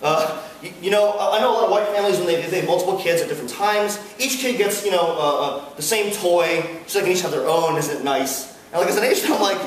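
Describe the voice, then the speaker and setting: A man giving a sermon at a campus fellowship, animated and playful with the audience laughing along. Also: sits high, fast talker, hardly any pauses. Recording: echoey hall from far off, faint hiss.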